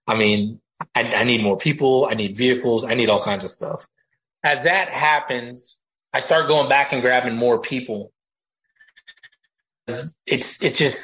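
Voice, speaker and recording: A man's voice: mid-range voice, a bit bright, low-quality recording. A middle-aged retired army master sergeant from the United States, telling his story in a blunt, casual way full of slang and fillers. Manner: blunt, slangy, full of "you know" and "bro".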